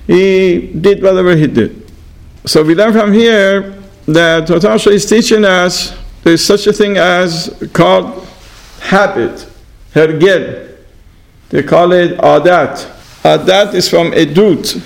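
A man teaches a scripture lesson in a slow, unhurried way, pausing on fillers and tossing out rhetorical questions. His voice sits high for a man and has a gravelly rasp to it. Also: poor audio. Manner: halting, pauses with fillers, asks rhetorical questions. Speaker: Torah teacher.

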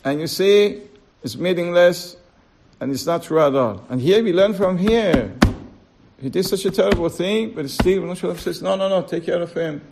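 A man teaching a Torah class, telling a parable in a halting, storytelling way and chuckling as he acts out the dialogue. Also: sits high, expressive, gravelly, a little mellow, slight background noise. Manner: halting, fillers, slow and deliberate. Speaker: rabbi.

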